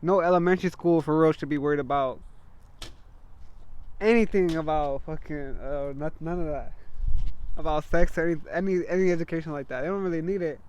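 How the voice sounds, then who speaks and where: A man's voice: fairly high pitch, darkish tone, clear, resonant tone. A young man chatting casually as a guest, rambling and slangy, trailing off and restarting. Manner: rambling, slangy, fast-talking. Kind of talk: casual chat.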